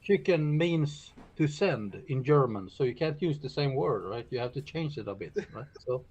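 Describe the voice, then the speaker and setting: A man talking haltingly in a casual chat, full of fillers. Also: medium pitch, expressive, a little mellow, breathy edge.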